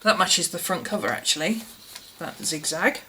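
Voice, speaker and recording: A woman's voice: lowish voice, moderate pace, bright, forceful tone, a little hiss or hum. A woman with an English accent, chatting casually as she reviews a product in a vlog and muses aloud. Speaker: vlogger.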